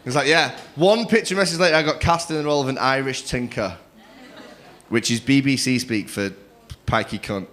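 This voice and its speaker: A young man doing a crude, cheeky stand-up set on a comedy club stage, acting out other people in quick quoted voices. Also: medium pitch, fairly bright tone. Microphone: stage microphone.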